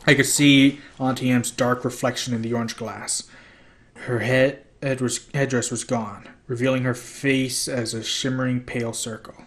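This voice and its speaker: A man's voice: mid-range voice, moderate pace. Male amateur audiobook reader. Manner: steady first-person storytelling with small slips.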